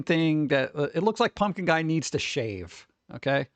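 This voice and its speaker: A man's voice: a little high, big pitch swings, normal speed, hardly any pauses, no echo. A man in his forties rambling casually as a stream host, chatty and wry, tossing in asides and muttered reactions.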